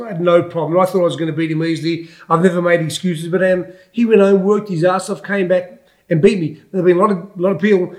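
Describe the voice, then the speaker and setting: Blunt Australian man, high voice. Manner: blunt, rambling, calls everyone mate. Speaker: former boxer, guest pundit. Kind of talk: casual interview chat.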